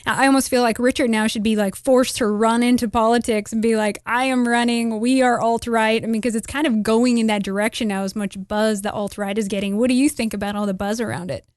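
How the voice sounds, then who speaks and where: A woman's voice: fairly high pitch, steady tone, fast talker, few pauses, a little mellow, dry recording, clean studio sound. A woman hosting an interview, chatty, often seeking agreement with tag questions. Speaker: host. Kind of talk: casual interview talk.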